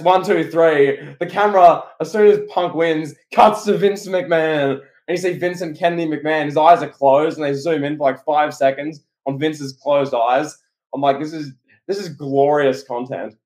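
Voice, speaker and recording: A man co-hosting a podcast, telling a story in an animated, excitable way. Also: a little high. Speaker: podcast co-host. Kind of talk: casual podcast chat. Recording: echoey room.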